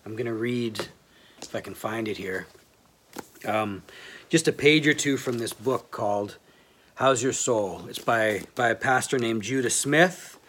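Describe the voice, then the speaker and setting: A man's voice: medium pitch, a little slow, fairly bright tone, a little hiss or hum. A man preaching a sermon in a plain, self-deprecating way, reading aloud from a book and from scripture.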